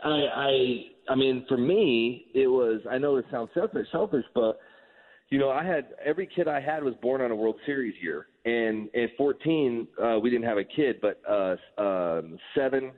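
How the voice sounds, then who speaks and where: A husky middle-aged man talks over a thin, tinny phone-like line. He is an animated storyteller who acts out both sides of every quoted exchange in a casual interview. The phone line flattens his voice. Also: mid-range voice, moderate pace. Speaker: guest, former relief pitcher.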